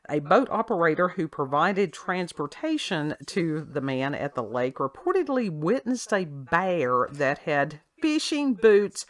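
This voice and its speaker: Wry woman reading news aloud. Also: sits low. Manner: wry, laughs often, sarcastic asides. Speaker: podcast host. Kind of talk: casual chat, reading a news story aloud. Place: at home with her child nearby.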